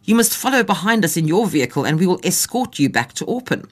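A woman reading a story aloud, voicing an exasperated male safari guide who asks sharp, incredulous questions. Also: fairly low pitch, big pitch swings, quick pace, pitched above the performer's own voice. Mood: firm.

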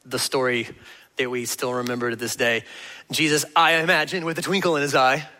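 A man preaching a sermon as pastor, telling the story in an animated, conversational way. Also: mid-range voice, a little fast, in a large hall. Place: church auditorium.

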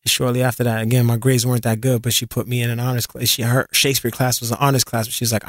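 Man from new york, interview guest, slangy and animated, dry close mic. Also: medium pitch, racing, hardly any pauses, no room sound. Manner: animated, slangy, repeats words. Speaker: interview guest, singer and actor. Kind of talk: casual interview storytelling.

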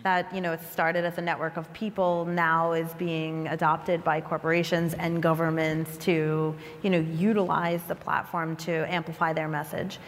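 A woman moderating a conference panel, asking measured, thoughtful questions. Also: sits low, flat delivery, in a large hall, slight background noise. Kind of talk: panel discussion. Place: conference stage.

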